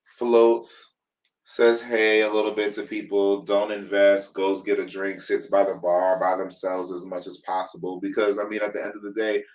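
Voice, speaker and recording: Low-voiced man recapping a show, animated. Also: normal speed, far from the mic, poor audio. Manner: animated storytelling, acts out quotes, swears freely. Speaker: podcast co-host. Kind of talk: casual review chat.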